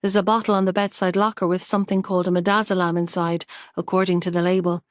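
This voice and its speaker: A woman's voice: fairly low pitch, level tone, fast talker, no room sound, studio quality. Woman narrating a tense thriller. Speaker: audiobook narrator. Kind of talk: scripted narration.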